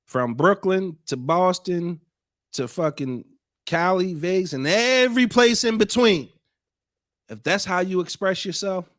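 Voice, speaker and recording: A man hosting a podcast, talking in an animated, emphatic way and repeating points for effect. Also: a little high, no room sound, clean studio sound. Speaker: podcast host. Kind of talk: podcast commentary.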